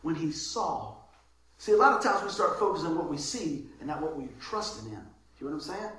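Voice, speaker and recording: A man preaching a sermon as pastor, lively, moving between loud calls and soft asides. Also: a little high, a little fast. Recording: very echoey room with faint noise.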